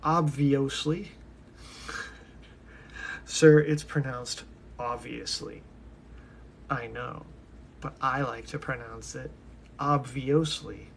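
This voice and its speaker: Brief: a young male streamer thinking aloud, gravelly and unhurried, drifting topic to topic. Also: mid-range voice, steady tone, a little hiss or hum. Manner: musing, talks to himself, drifts between topics. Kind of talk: rambling casual monologue.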